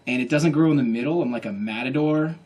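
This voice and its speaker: A man in his thirties telling a comic story to an audience at a book event, animated and self-mocking, acting out his own inner voice. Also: medium pitch, quick pace, background noise.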